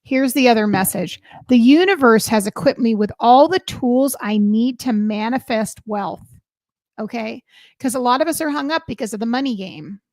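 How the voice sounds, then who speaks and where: A woman hosting a live stream as a psychic reader, chatting casually and excitedly with her viewers. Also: a little high, moderate pace, no echo, studio quality.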